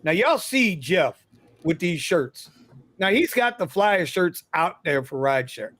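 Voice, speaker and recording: A man's voice: high voice, very animated, measured pace, fairly bright tone. A man hosting a casual livestream chat, telling a story in a chatty, slangy way. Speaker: livestream host.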